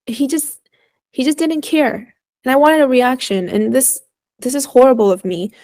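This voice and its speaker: Candid young woman with a gravelly edge. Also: on the high side, darkish tone, no echo. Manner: candid and emotional, speaking in halting bursts with pauses. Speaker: guest. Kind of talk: personal storytelling in a podcast conversation.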